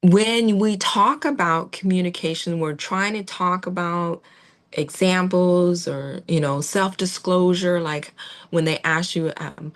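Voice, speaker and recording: A woman giving a gentle, reassuring training talk to veterinary staff, with fillers and restarts. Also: lowish voice, unhurried. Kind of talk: instructional talk on client communication.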